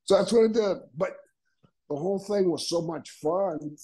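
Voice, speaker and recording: Husky older man telling lively stories. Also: sits high, normal speed, poor audio. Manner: animated storyteller, acts out quoted voices, laughs often. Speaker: guest, retired wrestler. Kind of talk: storytelling interview.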